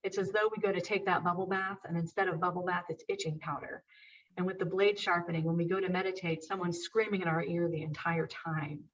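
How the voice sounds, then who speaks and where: A woman's voice: fairly low pitch, fairly even intonation, a little fast, recorded from a distance. Earnest woman on a muffled remote call. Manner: earnest, emphatic, repeats agreement. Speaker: guest, author and painter. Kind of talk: conversational interview.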